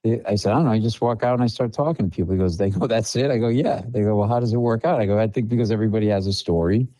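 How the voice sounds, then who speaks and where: Animated man telling comic stories. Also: on the low side, racing, dry recording, low-quality recording. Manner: animated storyteller, acts out dialogue. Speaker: comedian guest. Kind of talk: storytelling podcast chat.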